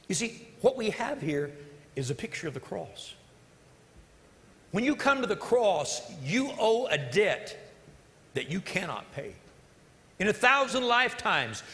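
Animated man preaching in a reverberant hall. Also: sits high. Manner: animated storytelling with joking asides. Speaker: pastor. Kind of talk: sermon.

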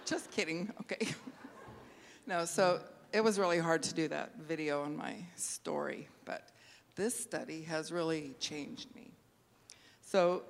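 Middle-aged woman sharing her testimony, halting and teary, long echo of a big hall. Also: on the low side, a little hiss or hum. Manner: halting, laughs and tears up while speaking. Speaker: church member giving testimony. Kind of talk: emotional personal testimony. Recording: long reverb of a large hall.

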